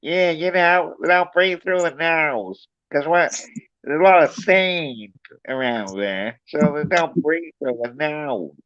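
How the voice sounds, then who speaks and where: Slow-talking stream host, muffled mic. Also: male voice, on the high side, a bit bright, dry recording. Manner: slow, crude, reading chat aloud. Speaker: livestream host. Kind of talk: casual livestream chat reading comments.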